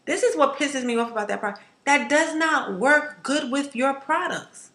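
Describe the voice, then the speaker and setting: A woman hair vlogger chatting to camera in an emphatic, animated way, ranting and repeating herself for effect. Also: sits high, normal speed, few pauses. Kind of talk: casual to-camera chat. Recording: echoey room.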